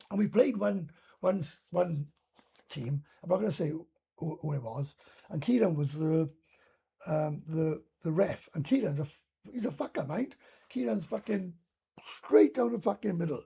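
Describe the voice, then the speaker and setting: A man's voice: fairly high pitch, lively intonation, moderate pace, gravelly, mellow, slightly rough. A Welsh man from Wales doing a casual live stream chat, rambling and ranting with heavy swearing.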